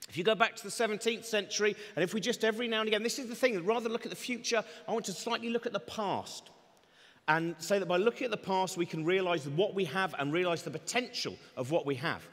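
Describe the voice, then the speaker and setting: A man's voice: high voice, fast talker, a bit bright. A man doing a comedy talk on stage, rambling energetically with sardonic asides. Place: large event hall. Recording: long reverb of a large hall.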